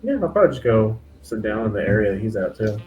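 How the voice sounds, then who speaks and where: A man's voice: lowish voice, big pitch swings, quick pace, darkish tone, muffled recording. A man playing a tabletop game, easygoing and casual in his replies. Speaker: player. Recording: roomy recording, faint music.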